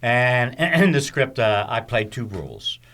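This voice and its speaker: A man's voice: medium pitch, sing-song, unhurried, fairly bright tone, a little hiss or hum. Older male host, easy storytelling. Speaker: podcast host. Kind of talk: casual chat.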